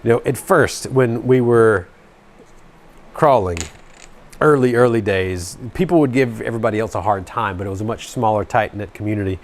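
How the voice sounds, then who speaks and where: A man's voice: on the low side, moderate pace, a little hiss or hum. A man from Georgia hosting a hobby channel, chatting casually and joking at his own expense while he tinkers at a workbench. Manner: joking, self-deprecating, talks while tinkering. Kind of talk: casual workshop chat.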